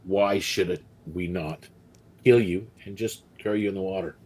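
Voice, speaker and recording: A man's voice: sits low, fairly even intonation, moderate pace, a little mellow. A man putting on a menacing pirate queen. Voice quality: crackling. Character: menacing female pirate leader, fiery.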